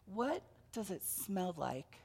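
Gravelly woman telling a children's sermon. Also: mid-range voice, slow pace. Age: adult with children. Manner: animated storytelling with questions to children. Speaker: preacher.

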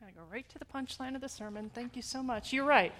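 A woman's voice: on the high side, fast, a bit bright. Questioning woman pastor leading discussion. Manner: prodding, questioning, laughing easily. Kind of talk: open group discussion in church. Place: church sanctuary.

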